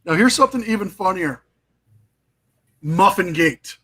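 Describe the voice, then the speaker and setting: Husky, high-voiced man telling stories. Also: unhurried. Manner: animated storytelling, retelling trial moments. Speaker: live stream host. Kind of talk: casual chat.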